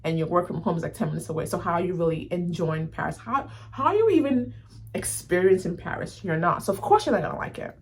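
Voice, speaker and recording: A woman chatting to the camera as she reviews a show, animated and talking straight to her viewers. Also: lowish voice, fast, a little hiss or hum. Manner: animated, addresses viewers as y'all, many fillers. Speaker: YouTube reviewer. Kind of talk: casual review chat to camera.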